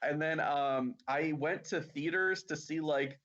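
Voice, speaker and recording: A man's voice: a little high, a little slow, a bit bright, lo-fi sound, a little hiss or hum. A man talking casually on a podcast, rambling and filling his talk with "like.". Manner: laid-back, rambling with many "like"s. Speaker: podcast guest. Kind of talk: casual chat.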